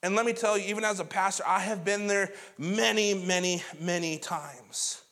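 A man's voice: high voice, steady tone, normal speed, pushed and bright. A man preaching a sermon as pastor, earnest and building to fervent emphasis.

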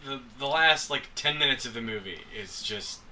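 A man's voice: mid-range voice, animated, a little fast, a crowd in the background. A man co-hosting a podcast, reading out film facts and agreeing in casual chat. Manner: plain, agreeable, reads out facts. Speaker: podcast co-host. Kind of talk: casual movie review chat.

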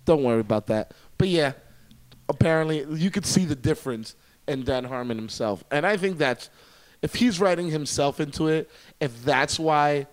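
A man's voice: fairly high pitch, lively intonation, normal speed. A man co-hosting a podcast, chatting casually and rambling animatedly, swearing freely. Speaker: podcast co-host. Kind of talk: casual chat.

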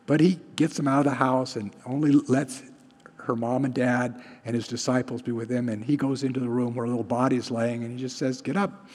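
A male pastor preaching in a relaxed, conversational way and often putting questions to his listeners. His voice is a little husky, with a long reverb trailing after his words as in a large hall. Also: medium pitch, fairly quick. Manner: conversational, asks the congregation questions. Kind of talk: sermon.

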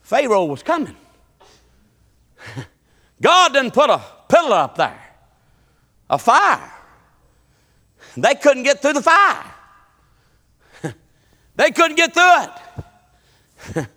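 A middle-aged man, preaching a folksy, animated sermon full of repetition and bursts of song. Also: very high-pitched, takes it slowly, pauses often, big-room sound.

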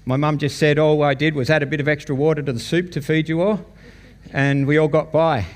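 A man's voice: on the high side, fairly even intonation, a little fast. An Australian man giving a casual, storytelling personal testimony to a church congregation, chuckling now and then. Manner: conversational storytelling, chuckles often. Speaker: church guest speaker. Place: church meeting hall. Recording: long hall reverb.

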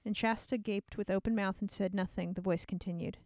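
Chatty giggly woman, smooth dry voice. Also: mid-range voice, fairly even intonation, fairly quick, a little mellow, no echo. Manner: giggly, chatty, reads passages aloud. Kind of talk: casual book discussion with reading aloud.

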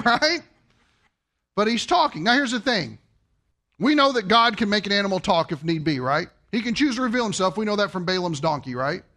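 A man's voice: high-pitched, pushed and bright. A man preaching a sermon. He keeps asking the congregation rhetorical questions and acts out quoted voices. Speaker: pastor.

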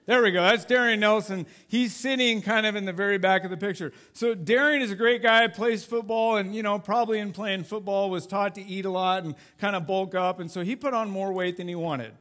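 A man's voice: sits high, steady tone, a little fast, hardly any pauses, fairly bright tone. A man preaching a sermon to a church congregation as a youth pastor, conversational and self-deprecating with plenty of jokes.

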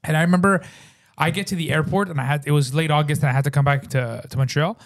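A man co-hosting a podcast, telling a story in a casual, animated way, swearing freely and saying bro a lot. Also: a little high, quick pace, creaky. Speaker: podcast co-host.

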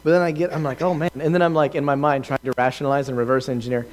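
A man preaching a lively testimony, telling his story with laughs and acted-out quotes to a live audience. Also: a little high, fast talker. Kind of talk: sermon testimony.

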